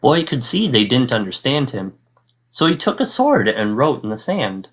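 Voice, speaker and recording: With a medium-pitched voice at a moderate pace, a male fourth-grade teacher brings a children's picture book to life, reading it aloud expressively and acting out its sound effects.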